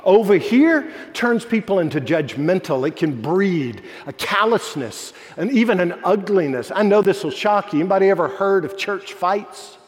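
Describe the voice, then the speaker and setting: A man preaching a sermon as pastor, telling stories earnestly and dropping his voice low when quoting others. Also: expressive, normal speed, hardly any pauses, big-room sound.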